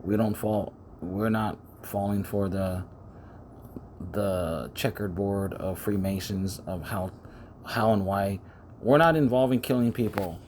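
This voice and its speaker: A man's voice: on the low side, slow pace, darkish tone, slight background noise. A man preaching in a rambling monologue, often repeating words, speaking close to the microphone. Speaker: self-styled preacher.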